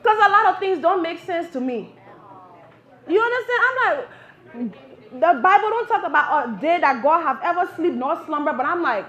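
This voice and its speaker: A woman from Liberia with a Liberian English accent doing animated live stand-up comedy, acting out voices as she goes. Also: sits high, moderate pace. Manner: animated, acts out voices, laughs through lines. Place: cafe stage with live audience. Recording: roomy, dull live venue recording.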